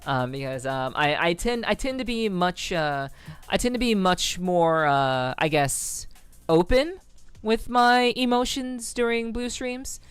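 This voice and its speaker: A woman streamer chatting casually with her viewers, relaxed and rambling, with frequent ums and soft laughs. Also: mid-range voice, measured pace, smooth, no echo, soft background music. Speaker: VTuber streamer. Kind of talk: casual livestream chat with viewers.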